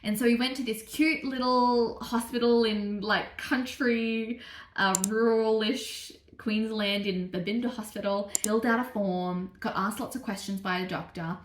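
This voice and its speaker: A young woman, telling a personal story to camera in a chatty, animated way with lots of fillers. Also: fairly high pitch, unhurried, echoey room. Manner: chatty, animated, acts out quotes, many fillers. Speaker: vlogger.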